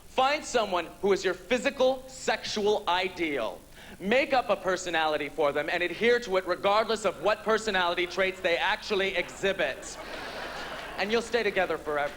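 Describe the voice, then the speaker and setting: A man performing a stand-up comedy set on a theatre stage, campy, with quick punchlines. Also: sits high, lively intonation, a bit bright, slight background noise. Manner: campy, rapid punchlines with quoted voices.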